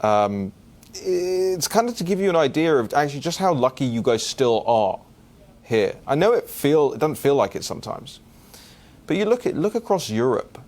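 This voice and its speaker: A young adult man hosting a political commentary show, answering listener questions in a casual, animated way, often restarting and repeating words. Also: fairly high pitch, moderate pace.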